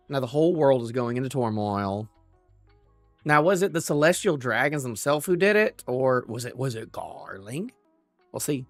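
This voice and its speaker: A man's voice: mid-range voice, big pitch swings, moderate pace, no room sound, soft background music. A man hosting a live manga chapter reaction, playful and jokey, riffing and repeating himself as he reads. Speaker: manga reviewer.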